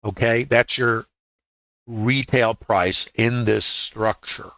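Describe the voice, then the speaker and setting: A man's voice: medium pitch, steady tone, slow pace, pushed and bright, no echo. A man leading a live trading lesson, walking through charts in a conversational way and asking viewers rhetorical questions. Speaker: trading educator. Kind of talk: live trading webinar walkthrough.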